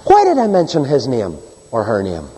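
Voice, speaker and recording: A man preaching a sermon and reading scripture, swinging between soaring high cries and low hushed drops. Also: wildly swooping pitch, moderate pace, slightly rough. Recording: long hall reverb.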